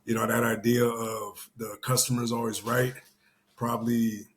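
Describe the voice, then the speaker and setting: Man, young adult, from Houston, casual commentary chat, rambling, filler-heavy, swears casually, mid-pitched voice. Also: little pitch movement, measured pace. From Houston area. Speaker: show host.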